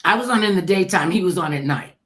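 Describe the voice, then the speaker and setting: Low-voiced older woman telling a lively story. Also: quick pace. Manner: animated, acts out quoted voices, laughs. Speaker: talk show host telling her story. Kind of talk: casual storytelling chat.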